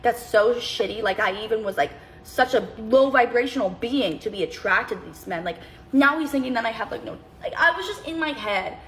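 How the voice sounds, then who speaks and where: A woman's voice: fairly high pitch, lively intonation, a little fast, a bit bright, a little hiss or hum, low-quality recording. Rambling young woman telling a story. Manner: rambling, self-interrupting, jumps between tangents. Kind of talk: casual storytime.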